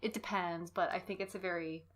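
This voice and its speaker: A woman's voice: fairly low pitch, fairly even intonation, brisk, slight background noise. A tipsy woman co-hosting a podcast in casual chat, joking around and swearing freely. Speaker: podcast co-host.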